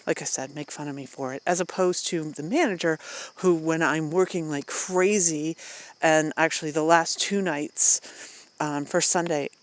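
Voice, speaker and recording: An adult vlogger venting casually to the camera, rambling with many fillers, restarts and short laughs, getting louder and more emphatic when indignant. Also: mid-range voice, fairly even intonation, moderate pace. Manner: rambling and candid, many fillers and self-interruptions, frequent laughs. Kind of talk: casual personal vent to camera.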